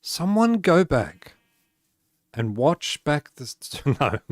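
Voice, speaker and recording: A man's voice: fairly high pitch, very animated, slow, no echo, studio quality. A man streaming a building game, chatting casually, laughing often and answering his chat aloud as he plays. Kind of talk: casual live-stream chat while playing.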